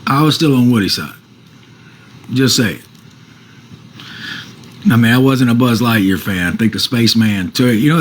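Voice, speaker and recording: A man's voice: fairly low pitch, slight background noise, poor audio. A man on a casual livestream, reading out viewer comments and answering them defensively, with some swearing.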